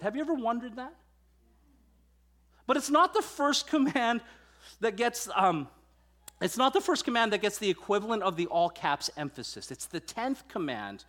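A man preaching a sermon. He reads scripture in a measured way and then talks conversationally and playfully, asking the congregation questions. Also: extremely high pitch, big pitch swings, a bit bright. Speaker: pastor.

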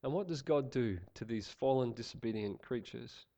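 A man preaching a sermon, praying and reading scripture in an earnest, measured way, slightly nasal from a head cold. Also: medium pitch, warm tone, lo-fi sound. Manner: earnest, measured, some fillers.

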